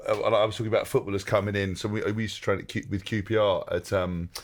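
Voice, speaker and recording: A man hosting a podcast, teasing and joking in quick banter. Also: fairly low pitch, level tone. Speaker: podcast host, former rugby player.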